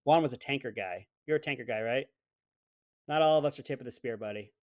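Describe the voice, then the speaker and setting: A man's voice: mid-range voice, fast talker, darkish tone, no room sound. A middle-aged man from the American South hosting a casual show, talking with sarcastic, joking asides and ribbing his listeners. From United States. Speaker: show host. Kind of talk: casual political commentary.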